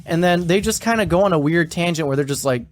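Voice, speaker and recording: A man co-hosting a podcast, casually recapping a story and quoting its characters in a flat, offhand way, swearing now and then. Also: on the high side, fast, no echo. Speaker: podcast co-host.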